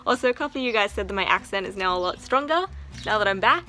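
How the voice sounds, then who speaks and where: A young woman from South Africa or Australia chatting excitedly and rambling a little in a casual vlog, often giggling. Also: mid-range voice, fast, soft background music. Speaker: vlogger.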